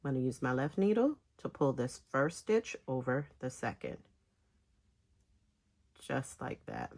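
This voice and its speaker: A woman giving a casual step-by-step knitting tutorial, talking in halting phrases with pauses between them. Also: very deep voice, animated, creaky, darkish tone. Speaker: knitting instructor.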